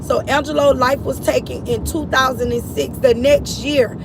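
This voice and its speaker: Middle-aged mother, testimony, high pitch with some fry, recorded outdoors with street traffic behind. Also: steady tone, normal speed. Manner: earnest, repetitive storytelling, addresses listeners as y'all. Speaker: grieving mother sharing her story. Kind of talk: personal testimony to followers. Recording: outdoor street noise, vehicles passing.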